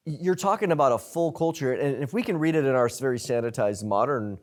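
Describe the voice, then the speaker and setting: A man's voice: medium pitch, expressive, fast talker. A man hosting a talk show, explaining in an earnest, conversational way. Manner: earnest, explanatory, with frequent restarts. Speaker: host.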